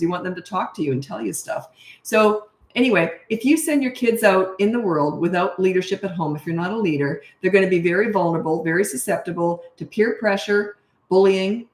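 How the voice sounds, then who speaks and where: A woman in her sixties, a parenting coach, answering viewer questions in a blunt, emphatic and opinionated way. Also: lowish voice. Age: 60s. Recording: echoey room.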